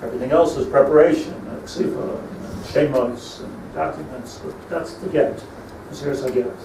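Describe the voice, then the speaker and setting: A middle-aged rabbi gives a storytelling sermon on Lamentations, mixing Hebrew terms into his English and building to emphatic peaks. His mellow, mid-range voice moves at normal speed, captured from a distance in an echoey room with faint ambience and a little hiss or hum.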